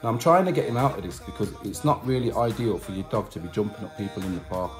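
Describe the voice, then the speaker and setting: A man's voice: fairly low pitch, fast, faint music behind. A man vlogging to his subscribers, telling a personal story in a chatty, repetitive way with slang asides. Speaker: vlogger and musician. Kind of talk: casual storytelling to camera.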